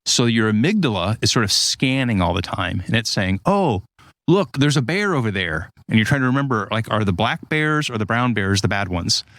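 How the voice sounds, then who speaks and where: A man in casual conversation, explaining ideas through lively stories and acted-out quotes. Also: on the low side, a little fast, hardly any pauses, no room sound. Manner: animated storyteller, acts out quotes.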